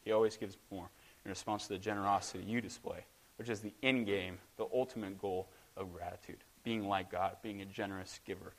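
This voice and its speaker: Man, pastor, sermon, conversational preaching, slightly low pitch. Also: steady tone, a little fast. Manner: conversational preaching, acts out God's and a child's lines in dialogue.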